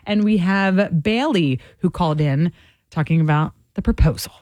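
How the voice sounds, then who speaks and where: A woman's voice: on the low side, moderate pace, darkish tone, no echo. A woman co-hosting a radio show, chatting casually and wrapping up segments with a teasing manner. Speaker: radio co-host.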